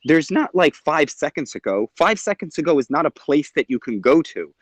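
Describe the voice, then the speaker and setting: Calm man explaining, dry close sound. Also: a little high, normal speed, no echo. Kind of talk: casual discussion.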